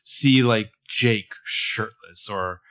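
A man co-hosting a podcast, casually recapping a TV episode, riffing with playful jokes and animated asides. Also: on the low side, extremely slow. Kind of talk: casual chat.

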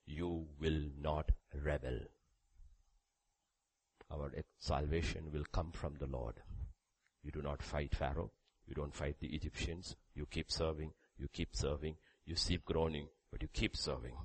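A man preaching a sermon, reading scripture aloud, with sudden loud rises and quiet drops. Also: extremely low pitch, fairly even intonation, unhurried, breathy edge, low-quality recording. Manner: reads scripture aloud with emphasis.

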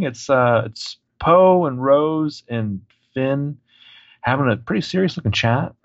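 A man's voice: mid-range voice, expressive, moderate pace, no echo. Easygoing man with a dull, lo-fi sound. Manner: easygoing, jokey asides. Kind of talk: casual commentary on behind-the-scenes footage.

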